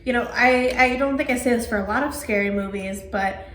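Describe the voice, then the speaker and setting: A woman co-hosting a casual horror podcast, retelling movie scenes in an animated way. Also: fairly high pitch, a little fast. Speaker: podcast co-host. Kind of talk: casual movie review chat. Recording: roomy echo, faint background noise.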